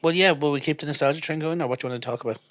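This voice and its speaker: A man co-hosting a podcast, chatting casually and telling animated stories. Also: on the high side, rapid-fire, no room sound. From Ireland. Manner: animated storyteller, slips into voices. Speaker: podcast co-host. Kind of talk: casual chat.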